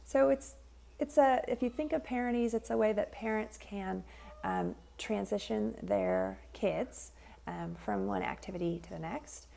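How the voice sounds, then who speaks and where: A woman speaks as a parent coach in a calm, unscripted educational tip. Her voice is heavily gravelly with a dark, mellow tone, and she pauses often on fillers as she explains. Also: mid-range voice. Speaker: parent coach and child sleep expert. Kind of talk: informal educational video tip.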